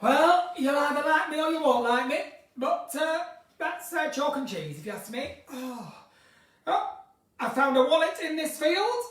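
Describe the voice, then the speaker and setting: A woman impersonating a blunt, gruff older woman police detective from the north of England. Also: sits high, sing-song, a little slow, far from the mic. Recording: roomy sound from a mic set back.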